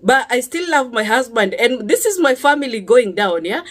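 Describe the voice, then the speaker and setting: A woman's voice: a little high, big pitch swings, moderate pace, a bit bright. A woman with a Kenyan accent earnestly recounting a personal story, checking in with the listener with frequent tag questions and restarting her sentences. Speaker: speaker sharing a personal testimony.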